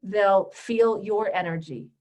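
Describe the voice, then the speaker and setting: A woman's voice: mid-range voice, slow pace, a little mellow, poor audio. A woman coach teaching a group call, speaking directly and emphatically and acting out the voices she quotes. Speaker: empowerment coach and trainer.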